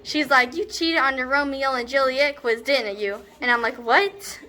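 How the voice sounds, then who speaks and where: A woman's voice: sits high, moderate pace, pushed and bright. A young woman performing a comedic monologue as a brash, scornful teenage girl, rambling with sarcastic asides. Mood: exasperated. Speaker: student actor.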